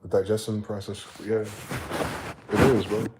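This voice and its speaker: A man's voice: lowish voice, flat delivery, normal speed, very noisy. Rambling profane man on a livestream. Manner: rambling and profane, drifting from quiet musing to loud ranting. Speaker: live-stream host. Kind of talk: casual live-stream monologue.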